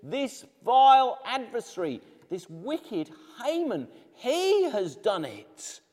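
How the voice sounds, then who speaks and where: A man voicing a desperate young queen who begs slowly and emphatically for her people. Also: very high-pitched, sing-song, darkish tone, in a large hall, pitched above the performer's own voice, exaggerated voice. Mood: accusing.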